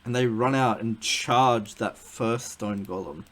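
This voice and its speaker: A man's voice: mid-range voice, takes it slowly, a bit bright. A man narrating a tabletop game as game master, rambling with lots of fillers and a giggly manner.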